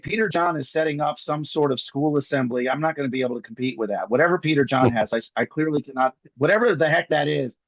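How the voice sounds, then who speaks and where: A man guest on a video call, riffing and joking fast with bits of mimicry. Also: fairly high pitch, dry recording, lo-fi sound. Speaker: guest magician. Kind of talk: comic banter on a video call.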